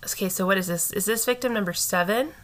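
A woman's voice: mid-range voice, fast talker, a bit bright. An American woman co-hosting a casual true-crime podcast, rambling and hedging, with some swearing. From United States. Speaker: podcast co-host.

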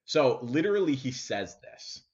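A man host telling a story casually, animated, with many fillers, acting out what people said. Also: medium pitch, a little slow, crowd noise. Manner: animated, full of fillers and acted-out quotes. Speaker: podcast host. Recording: dull lo-fi sound.

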